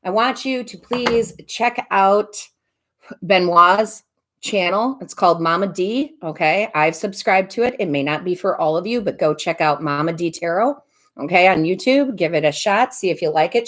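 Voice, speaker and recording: A woman's voice: fairly low pitch, normal speed, a little hiss or hum. A middle-aged woman chatting casually on a live stream, greeting viewers by name and laughing often. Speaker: tarot reader and medium hosting a live stream.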